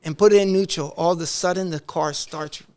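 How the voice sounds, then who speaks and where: A man's voice: a little high, a little fast, clear, resonant tone. A man in casual podcast chat, telling rambling family stories with many restarts and acting out the quoted dialogue. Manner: animated, acts out quoted dialogue. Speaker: podcast guest. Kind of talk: casual storytelling.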